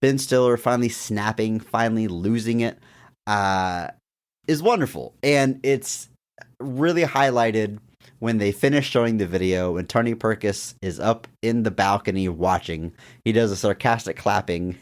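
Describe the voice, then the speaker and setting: Low-voiced male movie podcast co-host. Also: unhurried. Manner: animated, acts out quotes from scenes. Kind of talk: casual movie discussion podcast.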